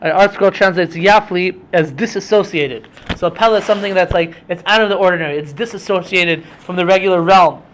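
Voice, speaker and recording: A young man with a notably high voice casually unpacks a Bible story for his podcast. He explains it conversationally, working Hebrew terms into his talk. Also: a little fast, few pauses, a bit bright, slight background noise. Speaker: podcast host teaching Bible stories. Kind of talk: casual Torah study talk.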